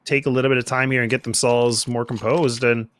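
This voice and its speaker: A man giving quick, analytical color commentary on a competitive shooter match, chatty with frequent restarts. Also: medium pitch, little pitch movement, fairly bright tone, no room sound. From Canada.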